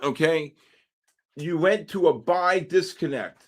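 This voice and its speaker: Excitable man hosting live trading. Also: on the high side, takes it slowly. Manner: excitable, exclaiming, repeats himself. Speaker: trading livestream host.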